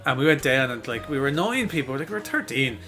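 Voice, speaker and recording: A man's voice: medium pitch, very animated, quick pace, pushed and bright, soft background music. An Irish man co-hosting a podcast, telling stories in casual chat, laughing often and swearing freely. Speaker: podcast co-host.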